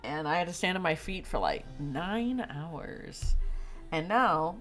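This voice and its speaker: Her voice sits on the low side, a little bright, and she speaks slowly yet expressively. This young streamer, congested and worn out, rambles through a casual chat with viewers, laughing frequently and using many fillers over faint background music.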